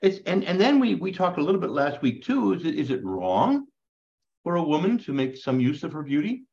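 Animated man teaching a Bible class. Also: on the high side, brisk, creaky. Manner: animated, joking, self-described ham. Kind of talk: lively classroom lecture. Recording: dull lo-fi recording.

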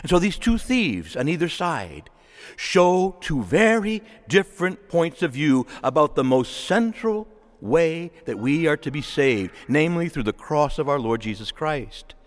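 A man's voice: fairly high pitch, a little slow. A male pastor preaching a sermon in a church, voicing quotes as he goes. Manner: animated preaching with acted quotes. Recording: long hall reverb.

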